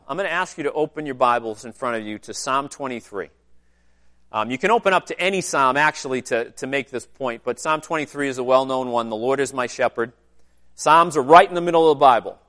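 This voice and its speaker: A man's voice: a little high, fairly bright tone. Man preaching a conversational teaching sermon. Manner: conversational teaching with asides to the congregation. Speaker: pastor.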